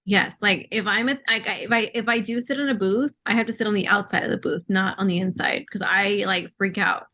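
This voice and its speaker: A woman's voice: mid-range voice, brisk, pushed and bright. A woman co-hosting a podcast in casual chat, talkative and peppering her talk with "like". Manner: chatty, many "like" fillers. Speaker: podcast co-host.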